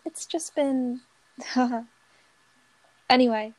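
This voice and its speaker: A woman's voice: sits high, extremely slow, dry recording, rough recording. A young woman guest on a casual podcast who laughs nervously and jokes about herself. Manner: nervous, laughing, self-mocking. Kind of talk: casual chat.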